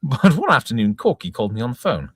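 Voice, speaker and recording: A man's voice: medium pitch, very animated, fast talker, husky, dry recording. A man reading a comic novel aloud in breezy first-person narration, chuckling along. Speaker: reader, channel host.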